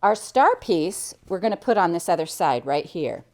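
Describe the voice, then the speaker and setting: A woman's voice: on the low side, sing-song, normal speed, a little mellow. A middle-aged American woman teaching quilting, chatting cheerfully as she explains each step while she cuts and sews. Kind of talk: hands-on sewing tutorial.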